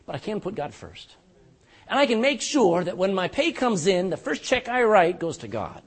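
An older male pastor preaching in a husky, fairly high voice. His pitch swings widely as he works the room with jokes and rhetorical questions. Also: sing-song, normal speed. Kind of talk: sermon.

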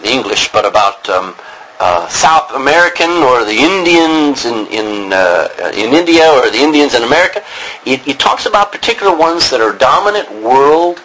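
A man's voice: mid-range voice, fairly bright tone, a little hiss or hum, poor audio. A man teaching a class on biblical Greek, rambling with many ums and restarts. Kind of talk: classroom lecture.

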